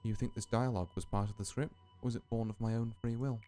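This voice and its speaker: A man voicing a newly created artificial being in a hushed, reflective read over faint music. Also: medium pitch, steady tone, fast talker, natural voice. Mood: wistful.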